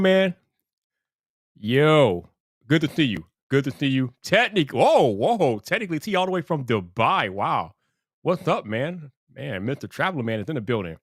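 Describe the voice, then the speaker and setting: A man's voice: medium pitch, no echo, clean studio sound. A man hosting a casual livestream, greeting chat viewers by name and sounding exasperated. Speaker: livestream commentary host.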